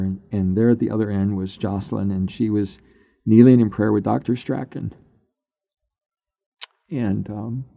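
Older pastor with a gravelly, dark voice. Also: male voice, lowish voice, no room sound, clean studio sound. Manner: unhurried, halting with fillers, emotional at times. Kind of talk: personal testimony, conversational storytelling.

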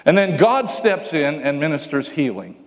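A pastor preaching a sermon, telling stories with humor and acting out the voices of the people in them. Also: male voice, on the high side, moderate pace, long reverb tail. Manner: animated storytelling, acts out voices with humor.

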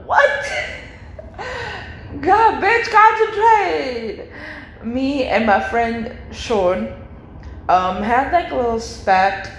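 Chatty young woman in an echoey room. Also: mid-range voice. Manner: chatty and animated, heavy slang and filler words, frequent laughter. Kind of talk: casual storytime vlog. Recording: echoey room with faint hiss.

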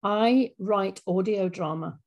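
English woman with a gravelly voice. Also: mid-range voice, slow pace, darkish tone. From England. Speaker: audio drama writer, guest. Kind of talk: casual interview chat.

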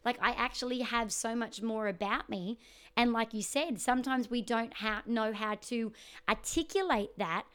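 This is a chatty woman in her thirties, an entertainer turned life coach, talking in a bright, slightly high voice. Her tone is smooth and resonant as she talks animatedly, dropping laughing asides into casual podcast chat. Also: moderate pace. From Australia. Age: 30s.

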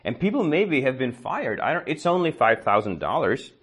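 Guy doing stand-up, telling a story, super animated, voice swings up and down, mid pitch. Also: normal speed, slightly rough. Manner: animated, acts out the dialogue. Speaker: stand-up comedian.

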